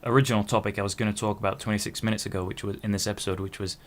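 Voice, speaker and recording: His lowish, steady voice comes out rapid-fire. A man in his twenties, he hosts a podcast, rambling solo, breaking off mid-thought, and swearing casually.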